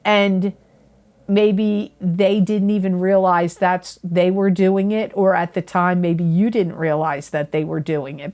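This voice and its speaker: Reading tarot in a monthly astrology forecast to camera, a woman speaks with a lowish voice and a darkish tone. She's earnest and chatty, often saying things twice and correcting herself.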